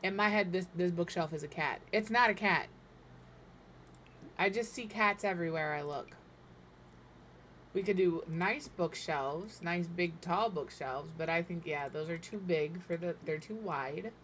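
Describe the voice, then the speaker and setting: This thirty-something woman streams herself building in a game, eating as she talks, musing aloud and cracking self-deprecating jokes, occasionally with food in her mouth. She speaks at a measured pace in a fairly low, fairly bright voice. A little hiss or hum sits under the recording.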